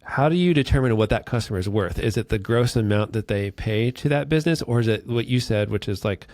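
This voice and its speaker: A man's voice: on the low side, fairly quick, darkish tone, no echo, clean studio sound. A man hosting a podcast, thinking aloud through a long question with restarts and a worked example. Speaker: podcast host. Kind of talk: interview questions and backchannel.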